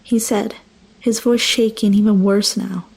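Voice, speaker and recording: A woman's voice: mid-range voice, steady tone, measured pace, creaky, a little mellow, slightly rough. A young woman narrating a first-person horror story with dramatic, emotional delivery.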